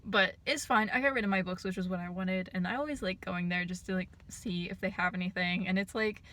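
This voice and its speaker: Excitable young woman vlogging about books. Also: on the low side, a little fast. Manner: excitable, fills with "like", giggly. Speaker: book vlogger. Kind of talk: casual vlog chat. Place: inside her parked car.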